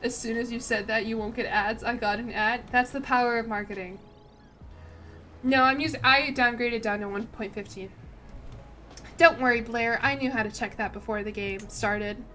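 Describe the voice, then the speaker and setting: A woman's voice: on the high side, steady tone, moderate pace, sharp tone, faint music behind. A young woman streaming a strategy game, chatting casually and thinking aloud in a self-deprecating way. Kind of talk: casual gameplay commentary.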